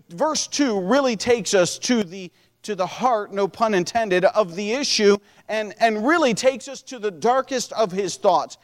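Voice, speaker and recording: A man's voice: high voice, long reverb tail. A man preaching a sermon as a pastor, in a conversational style with frequent restarts.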